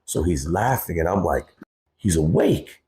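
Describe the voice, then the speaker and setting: A man's voice: low-pitched, big pitch swings, unhurried, dark tone. A man in his thirties, a guest on a podcast, telling a personal story candidly, cursing freely and calling people bro. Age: 30s. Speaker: guest, hip-hop artist.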